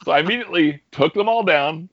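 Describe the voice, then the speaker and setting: A young man casually telling a story, animated and laughing often. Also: a little high, fast, dry recording, lo-fi sound. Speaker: guest storyteller. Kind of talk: casual anecdote.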